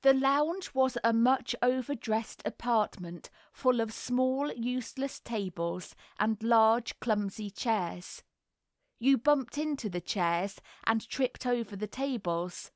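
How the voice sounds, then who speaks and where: A woman narrating a classic novel as an audiobook in a measured, unhurried reading. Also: fairly high pitch, no room sound, clean studio sound.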